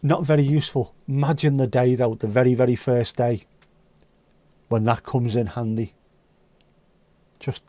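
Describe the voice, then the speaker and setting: A man's voice: mid-range voice, fairly even intonation, moderate pace, long pauses, mellow, no room sound. A man hosting a livestream, chatting casually and reading out viewer comments with rambling, dry joking asides. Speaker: livestream host.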